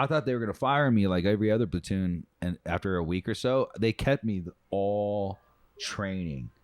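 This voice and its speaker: A man co-hosting a podcast, telling a story in casual chat, swearing freely and bursting into loud quoted voices. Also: lowish voice, no echo. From United States. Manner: profane, animated storyteller, loud acted quotes. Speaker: podcast co-host.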